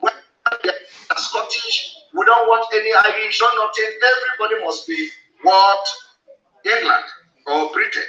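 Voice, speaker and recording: High, sharp-voiced man lecturing. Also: huge pitch swings, moderate pace. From Nigeria. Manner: insistent, repeats rhetorical questions, emphatic. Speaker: movement spokesperson. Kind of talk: impassioned address to listeners. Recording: roomy distant lo-fi sound.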